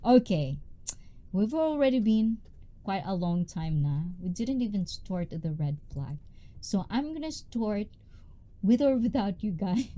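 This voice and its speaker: A woman, hosting a casual livestream in a loud, bubbly, chatty way and greeting viewers by name. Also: animated, a little slow, pauses often. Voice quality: high-pitched. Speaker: livestream host.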